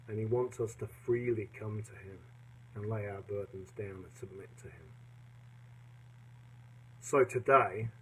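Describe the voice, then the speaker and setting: Low, husky-voiced man giving devotions. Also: rough recording. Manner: gentle, earnest, reflective. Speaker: devotional podcaster. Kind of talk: personal devotional talk.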